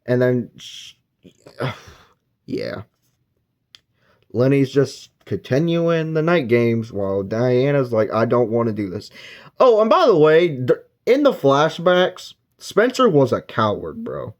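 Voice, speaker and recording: Animated young-sounding man recapping a book. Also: medium pitch, slow pace, dull audio. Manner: rambling plot recap with filler words; acts out characters' lines while retelling. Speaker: book reviewer. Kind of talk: casual spoken book review.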